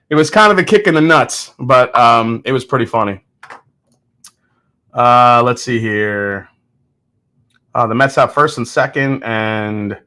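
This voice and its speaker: A man talks at an ordinary mid-range pitch in a loose, chatty way at home. He rambles, restarts his sentences and laughs as he goes, like a host telling friends a story. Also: sharp tone. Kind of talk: casual chat.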